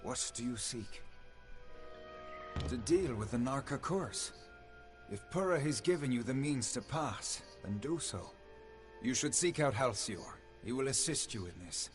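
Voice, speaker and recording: A man's voice: medium pitch, lightly acted. An actor voicing an ancient male fae guardian in a game, speaking in a formal, stately way. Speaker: quest giver. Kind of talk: game dialogue.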